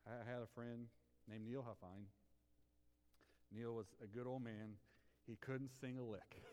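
A man preaching a sermon with passion, swinging from loud outbursts to hushed tones and asking his listeners rhetorical questions. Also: mid-range voice, clear, resonant tone, long reverb tail. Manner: asks the congregation rhetorical questions. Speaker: pastor.

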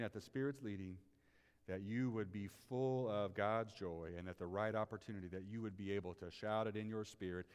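A man pastor delivering a sermon, moving between quiet confiding talk and loud, rising preaching. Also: fairly low pitch, clear, resonant tone. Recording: reverberant hall.

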